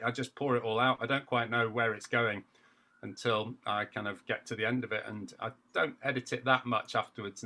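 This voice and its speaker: A man being interviewed as a poet, talking in a casual, reflective, self-deprecating way, with thoughtful pauses and fillers. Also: lowish voice, bright, forceful tone. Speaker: poet guest.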